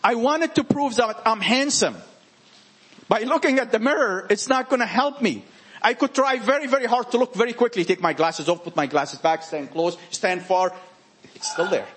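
A man with a French accent preaching informally to a small group, animated and emphatic, repeating his points. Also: high voice, moderate pace, breathy edge.

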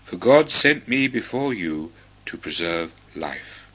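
A man reading scripture, voicing Joseph as an earnest, forgiving grown man who slows on key words. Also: deep voice, big pitch swings, a bit bright, breathy edge, heavily acted. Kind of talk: slow measured scripture reading. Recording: dull lo-fi recording.

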